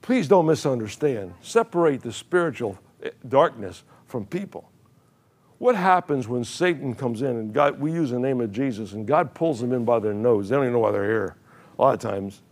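A man's voice: medium pitch, animated, moderate pace, darkish tone. An older man preaching a sermon in a church, telling a story with chuckles and many repeated words. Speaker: pastor.

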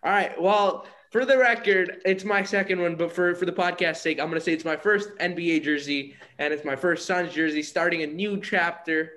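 Brief: male podcast co-host, a touch higher voice, eager, earnest fan energy. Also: steady tone, moderate pace, hardly any pauses, fairly bright tone. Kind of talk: casual sports chat.

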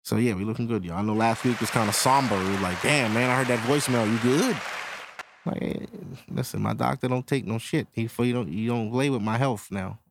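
A man's voice: medium pitch, a little fast, slight background noise. A man hosting his own podcast, ranting casually and profanely straight to his listeners. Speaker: podcast host. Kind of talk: casual solo podcast rant.

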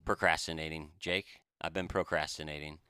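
A man co-hosting a podcast, telling a story in a casual, animated and self-deprecating way. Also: a bass voice, moderate pace, clear, resonant tone, no room sound, studio quality. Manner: animated, self-deprecating, quotes others in raised voice. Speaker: podcast co-host.

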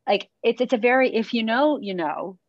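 A woman's voice: a little high, moderate pace, no room sound, highs cut off. Chatty New woman coach telling stories. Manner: chatty storyteller, laughs often, acts out quotes. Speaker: running coach and podcast host. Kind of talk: casual chat.

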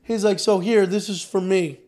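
A man co-hosts a podcast with a high voice. His sports chat is casual and excitable, and he tells stories. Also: moderate pace. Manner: excitable, storytelling. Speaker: podcast co-host.

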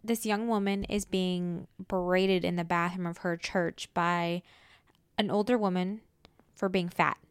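Woman hosting a podcast, crisp smooth voice, dead dry mic. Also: on the low side, steady tone, a little slow, dry recording. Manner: earnest, leads topics, playful banter. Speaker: podcast host. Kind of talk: casual chat.

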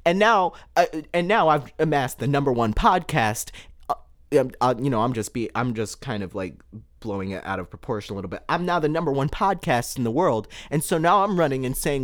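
Male solo podcaster, excitable and emphatic, very animated intonation, repeats words for punch. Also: medium pitch, brisk. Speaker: podcast host. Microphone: podcast microphone.

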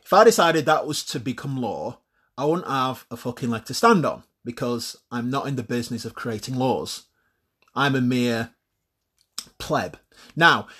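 A man talks through his opinions alone in a husky, slightly breathy voice. He is blunt and swears freely. He often restarts and repeats words while he works through a point. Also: mid-range voice, fairly bright tone. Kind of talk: opinionated solo monologue.

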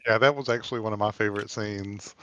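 A man in casual conversation, calmly giving his take on a film. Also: fairly low pitch, fast talker, muffled recording. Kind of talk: casual movie discussion.

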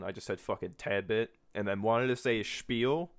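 A man's voice: on the low side, moderate pace, few pauses, clear, resonant tone. A man in his twenties rambling casually on a podcast, swearing freely and laughing often. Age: 20s. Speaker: podcast host.

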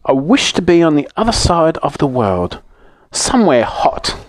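A man voicing an excited little girl playing with her toys in a storybook reading, with an eager, raised storytelling voice. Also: on the high side, normal speed, no echo, pitched above the performer's own voice.

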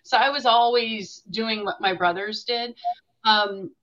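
A woman guest entrepreneur telling a story in a chatty way, quick to laugh. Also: on the high side, steady tone, a bit bright, lo-fi sound, a little hiss or hum. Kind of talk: casual storytelling on a video call.

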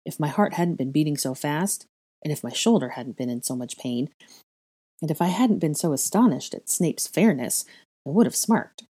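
A woman's voice: sits low, expressive, moderate pace, dark tone, breathy edge. A woman expressively reading a story aloud as narrator. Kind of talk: fan fiction reading.

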